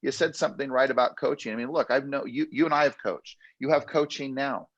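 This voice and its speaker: A man's voice: mid-range voice, fairly quick, dry recording, highs cut off. A man hosting a real estate training session, coaching with emphatic, repetitive punchy phrases. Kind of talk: motivational coaching talk.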